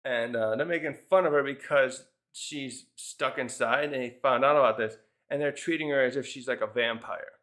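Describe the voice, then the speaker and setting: A man's voice: medium pitch, moderate pace, hardly any pauses, a bit bright. A man casually reviewing a comic chapter, rambling through the scenes with lots of fillers and little chuckles. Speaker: manga reviewer.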